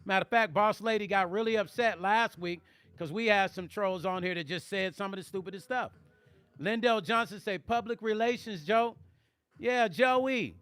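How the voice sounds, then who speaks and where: Middle-aged man, high, bright voice, dry close sound, joking livestream banter. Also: dry recording. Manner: joking, playful banter, drawn-out teasing. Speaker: musician and vlog host reading live chat. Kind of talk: casual livestream chat.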